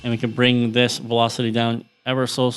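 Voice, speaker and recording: Casting: man on a video call, relaxed and explanatory, mid pitch, dry sarcastic asides. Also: fairly quick, music in the background. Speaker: guest, drum programming course creator. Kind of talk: casual video-call chat.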